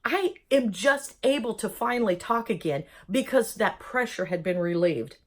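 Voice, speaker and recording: Woman, animated storyteller, bouncy pitch, slightly high, jokes and acts out voices as she talks. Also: normal speed. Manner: lively, jokey, acts out voices in quotes. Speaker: vlogger telling her own story.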